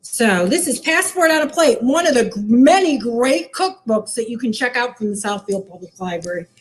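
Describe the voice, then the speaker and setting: Lively sing-song woman teaching kids. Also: a little high, moderate pace. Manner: cheerful, sing-song, talks to children. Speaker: children's librarian. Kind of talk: cooking demo for kids. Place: library lounge.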